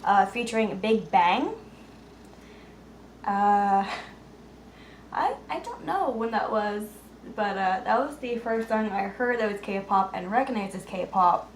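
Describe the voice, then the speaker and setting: A woman vlogger answering viewer questions in a casual, rambling way, with lots of "uh" fillers and stretches where she drops to a soft murmur. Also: medium pitch, lively intonation, takes it slowly, long pauses. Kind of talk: casual Q&A vlog. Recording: roomy echo with faint background noise.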